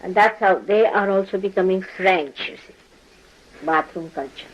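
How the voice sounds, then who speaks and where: A woman's voice: medium pitch, moderate pace, lo-fi sound. A woman spiritual teacher lecturing her followers, chiding them, laughing often and mimicking people as she talks. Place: indoor ashram gathering.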